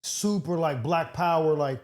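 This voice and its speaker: A man's voice: fairly high pitch, unhurried. A man hosting a podcast, chatting casually in loose, profane banter and laughing often. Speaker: podcast host.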